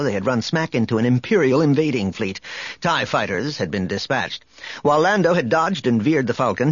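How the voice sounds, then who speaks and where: A man narrating an audiobook in an expressive storytelling manner. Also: mid-range voice, husky, dry recording, lo-fi sound. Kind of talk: scripted narration.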